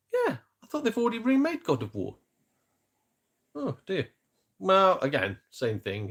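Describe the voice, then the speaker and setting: A man's voice: medium pitch, slightly rough. A man hosting a casual gaming live-stream chat, rambling and self-deprecating with jokes. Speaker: gaming YouTuber host.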